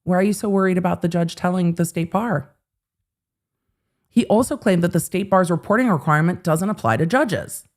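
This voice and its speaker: Wry woman with a low voice. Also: expressive, normal speed, darkish tone. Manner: wry, sarcastic. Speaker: legal commentary host. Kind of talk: casual commentary.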